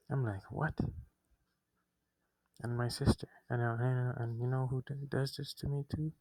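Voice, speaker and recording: A man's voice: lowish voice, dry recording, low-quality recording. A young man telling a personal story, often restarting his sentences, agitated as he recounts what happened. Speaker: vlogger.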